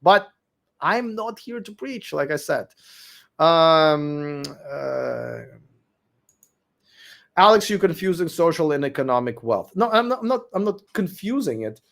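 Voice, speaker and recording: A livestream host answers viewer comments late at night in a fairly high, fairly bright, animated voice, speaking a little slowly with long pauses. His voice is weak as he's losing it, and he argues bluntly and profanely, repeating himself.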